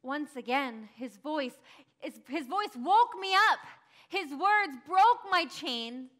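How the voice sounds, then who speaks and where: A woman acting a grieving early follower in a first-person dramatic monologue, telling it breathlessly and crying out in high bursts. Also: lively intonation, takes it slowly. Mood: wondering. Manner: emotional, breathless storytelling, cries out in high bursts. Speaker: church dramatic monologue performer.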